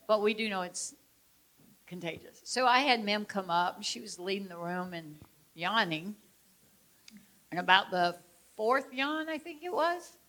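Bright-voiced woman telling funny stories. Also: medium pitch. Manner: animated, laughs often while telling stories. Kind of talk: storytelling talk to a group.

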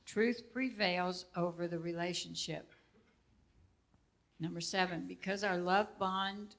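A woman works through a numbered list in a steady, read-aloud manner, as if teaching a lesson. Her voice is low for a woman, with a strong gravelly fry. She delivers the points plainly and evenly. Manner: steady, reading from notes.

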